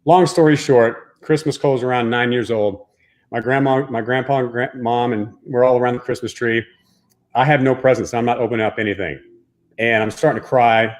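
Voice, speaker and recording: A man who grew up in Texas tells a long personal story as a guest. He talks in an emphatic, casual way, swears often, and sits at a middling pitch for a man. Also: steady tone, a little fast. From Texas, Dallas-Fort Worth area. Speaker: guest, former pro baseball player.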